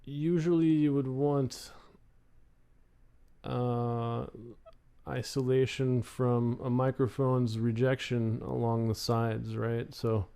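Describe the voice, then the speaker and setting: A man with a warm, mellow voice talks through technical points on a stream, slow and methodical. His delivery is smooth and resonant, picked up by a studio condenser microphone. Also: flat delivery. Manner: explains methodically, thinking aloud. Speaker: livestream co-host. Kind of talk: casual technical chat. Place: home studio in Austin, Texas. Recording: air conditioning hum and computer rumble in the room.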